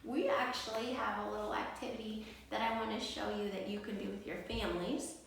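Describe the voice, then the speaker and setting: A woman, a preschool teacher and mother, reading a story aloud to children in a gentle, expressive way, at home indoors. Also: mid-range voice, fairly quick, gravelly, a little hiss or hum. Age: adult, mother. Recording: echoey room, mic far off.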